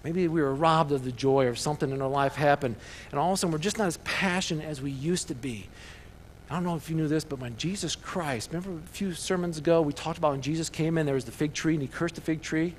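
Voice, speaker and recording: A pastor with a fairly high voice delivers his sermon in an animated, storytelling way, jumping into loud excited bursts. The long echo of the church hangs behind him with a faint room hum. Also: fast talker.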